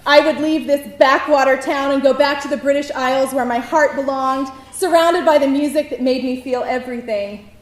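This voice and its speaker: Woman, live stage storytelling, wry and self-mocking, high voice, roomy echo. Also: fairly even intonation, moderate pace, few pauses. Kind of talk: live personal storytelling performance. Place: theater stage before an audience. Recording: roomy venue echo, faint noise.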